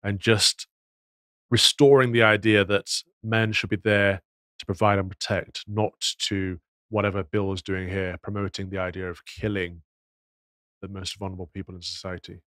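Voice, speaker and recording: A man's voice: sits low, level tone, normal speed, fairly bright tone, no echo. A man giving indignant, moralizing commentary on news clips, full of rhetorical questions. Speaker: podcast commentator.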